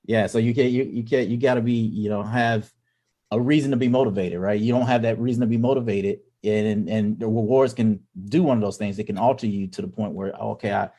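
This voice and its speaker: A man's voice: lowish voice, steady tone, brisk, warm tone. A man co-hosting a casual podcast, a parent of kids, talking in a rambling way with many restarts and filler phrases. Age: adult parent. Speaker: podcast co-host.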